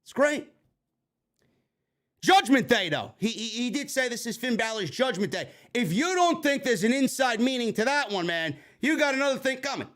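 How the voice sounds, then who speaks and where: Host: excitable man from New York, foul-mouthed casual commentary, voice high and animated. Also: normal speed. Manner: excitable, swears constantly, bursts into shouting. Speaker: wrestling review livestream host. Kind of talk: casual profane live commentary.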